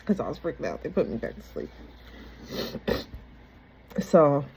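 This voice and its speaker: A woman candidly retelling a personal story in a casual, halting, conversational way. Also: low voice, sing-song, creaky, darkish tone, slight background noise, rough recording.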